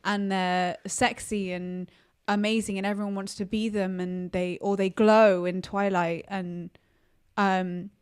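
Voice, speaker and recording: Animated female podcast co-host, casual film chat. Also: mid-range voice, a little slow, clean tone.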